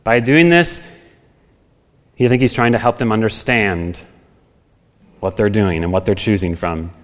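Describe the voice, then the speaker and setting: A man's voice: lowish voice, unhurried. A man preaching a sermon as pastor, talking it through in a conversational way with everyday examples from home. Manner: conversational, thinks aloud with homely examples. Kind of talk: expository sermon. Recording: long hall reverb.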